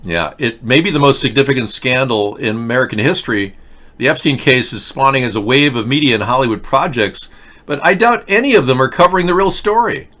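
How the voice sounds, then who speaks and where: Man, livestream host, sarcastic, rambling political rant, average pitch. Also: fairly quick, fairly bright tone.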